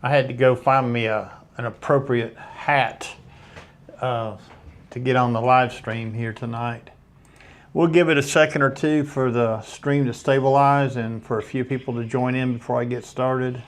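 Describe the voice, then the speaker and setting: An older man with an easygoing Southern American drawl chats his way through a live stream from his home studio. He talks in a folksy, meandering manner, full of small asides as he sets things up. His voice sits at an ordinary middle pitch. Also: fairly even intonation. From East Tennessee, USA. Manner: folksy, rambling, unhurried asides. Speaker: photographer hosting a live stream. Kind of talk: casual live-stream chat.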